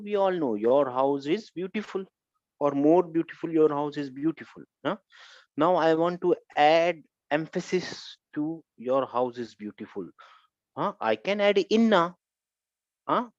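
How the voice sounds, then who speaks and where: A man teaching a grammar lesson, repeating his points and checking with a quick "huh?" to see if his students follow. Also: on the high side, animated, no room sound. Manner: repetitive, keeps checking with "Huh?". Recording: dull lo-fi recording.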